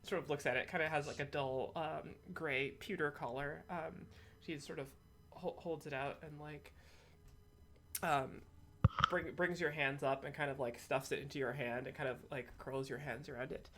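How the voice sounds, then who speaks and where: A woman's voice: low-pitched, fairly even intonation, moderate pace, fairly bright tone. A woman narrating as game master of a tabletop game, casual with many fillers.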